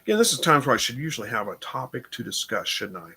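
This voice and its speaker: Tired guy on a live stream, bright tone, kinda rambly and unsure, lots of ums. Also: mid-range voice, very animated, fast talker, breathy edge. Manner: rambling, unsure, thinking aloud with fillers. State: tired, yawning. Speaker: livestream host. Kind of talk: casual live chat reading viewer comments.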